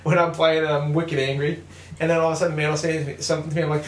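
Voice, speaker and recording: A man's voice: a little high, fairly even intonation, quick pace, a bit bright, reverberant, slight background noise. A young man in casual gaming chat who tells stories animatedly, acts out what people said, laughs often and swears freely. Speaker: podcast co-host.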